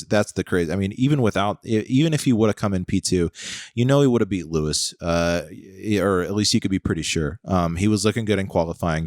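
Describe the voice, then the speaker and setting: Deep-voiced rambling American man. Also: a little mellow, no echo, clean studio sound. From United States. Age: 30s. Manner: rambling, full of "like" and "okay", spins comic what-if scenarios. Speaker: podcast co-host. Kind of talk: casual chat.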